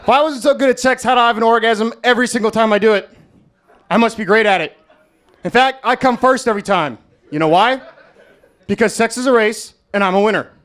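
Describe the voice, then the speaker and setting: A young American man doing a stand-up set at an open mic, in a crude, deadpan, self-mocking style. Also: sits high, fairly quick. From United States. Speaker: stand-up comedian. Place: comedy club stage, Las Vegas.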